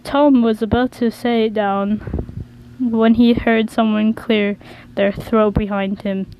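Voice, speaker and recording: A woman reads a fan story aloud, slowly, tripping over words and correcting herself as she goes. Her voice sits fairly high. The delivery is casual and unpolished. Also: steady tone, warm tone, a little hiss or hum, rough recording. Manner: stumbling, self-correcting. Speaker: reader.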